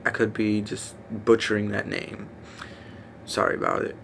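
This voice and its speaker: A man reading a list aloud in a casual, halting way, stumbling over names with fillers and self-corrections. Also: lowish voice, monotone, gravelly, fairly bright tone. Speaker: reader. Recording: faint background noise.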